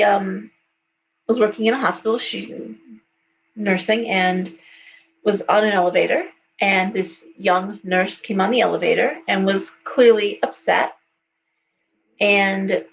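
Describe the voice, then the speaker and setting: A woman psychic hosting a live stream, telling stories in a casual, animated way and acting out the voices of people she quotes. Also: medium pitch, lo-fi sound, slight background noise. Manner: animated, acts out quoted voices, many restarts. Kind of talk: casual storytelling chat. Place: indoors, shop.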